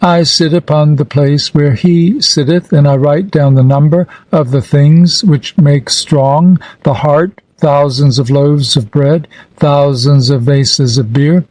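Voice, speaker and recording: A man reading an ancient funerary text aloud in a solemn, measured, declamatory manner. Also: a little high, darkish tone, no room sound, poor audio. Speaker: reader.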